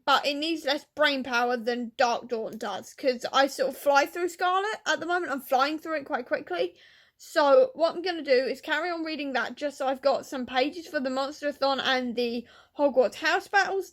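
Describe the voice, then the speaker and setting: A woman book vlogger chatting casually, gushing and tearful with excitement, full of fillers. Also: high voice. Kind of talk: casual vlog chat.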